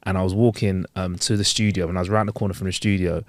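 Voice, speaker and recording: A man, co-hosting a podcast in casual chat, animated and jokey with lots of slang. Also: low-pitched, very fast, dry recording, clean studio sound. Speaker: podcast co-host. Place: studio.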